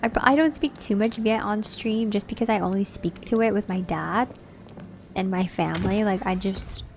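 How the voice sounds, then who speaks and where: A woman's voice: mid-range voice, moderate pace, slight background noise. A young woman, hosting a livestream and chatting casually with her viewers in a laid-back way. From Southern California. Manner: chatty, laid-back, reads and answers chat. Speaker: livestream host.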